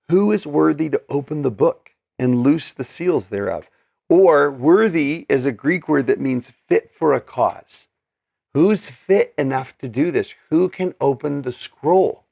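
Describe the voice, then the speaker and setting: A man's voice: a little high, creaky, a little mellow, no room sound, clean studio sound. A man teaching scripture in an earnest, conversational way, with many fillers and restarts. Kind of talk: casual scripture study talk.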